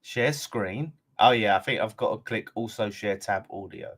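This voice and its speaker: A man's voice: fairly low pitch, normal speed, a bit bright. A man hosting a live-streamed football fan chat, talking casually and swearing freely. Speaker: fan channel host.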